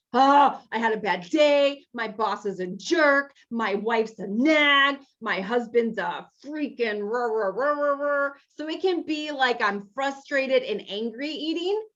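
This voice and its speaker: A woman's voice: fairly high pitch, fairly bright tone, highs cut off. A woman leading a weight-loss group over a video call, chatty and encouraging, talking straight to the group.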